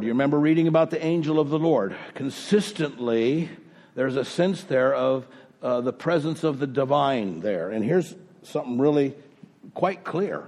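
Man, pastor, sermon, scripture reading with rising emphasis, husky voice, church sanctuary with long reverb. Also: fairly high pitch, a little mellow.

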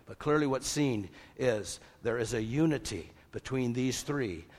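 An older man preaching a sermon, lively, asking rhetorical questions and quoting scripture. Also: mid-range voice, a little slow. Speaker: pastor. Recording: long hall reverb.

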